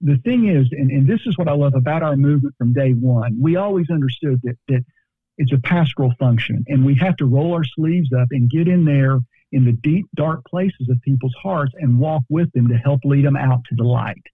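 A man's voice: mid-range voice, moderate pace, breathy edge, no echo. A man talking as a guest counselor in a podcast conversation, earnest and repeating words as he gathers his thoughts. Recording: dry, tinny phone-like line.

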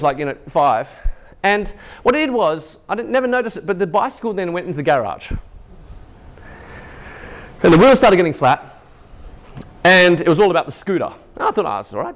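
A man in his thirties giving a chapel sermon, telling a family story and acting out the voices in it. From Asian heritage. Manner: animated, acts out quotes in higher pitch. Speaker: chapel speaker.

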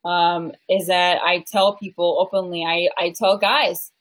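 A woman's voice: lowish voice, a little slow, poor audio. Chatty, joking woman in her thirties. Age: 30s. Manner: animated and joking, tangents, frequent "you know" and "like". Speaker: relationship coach, guest. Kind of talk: candid conversational interview.

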